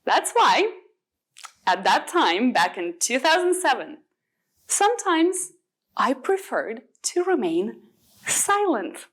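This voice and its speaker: Slow, high-voiced woman giving a motivational talk. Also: slightly rough. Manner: expressive, rhetorical questions, deliberate pauses. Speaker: English teacher educator. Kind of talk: motivational speech.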